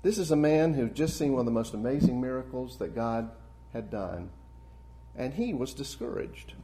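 A man's voice: medium pitch, normal speed. Earnest male preacher with rising emphasis. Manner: earnest, rises to emphatic peaks then drops soft. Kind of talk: sermon.

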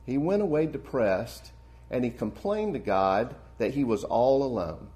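A man's voice: mid-range voice, animated, measured pace. Earnest male preacher with rising emphasis. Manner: earnest, rises to emphatic peaks then drops soft. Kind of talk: sermon.

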